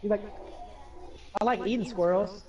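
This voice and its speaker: A man's voice: high voice, fairly even intonation, moderate pace, lo-fi sound. A man joking with friends on a game stream. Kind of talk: casual chat over a game stream. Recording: distant mic with loud crowd noise.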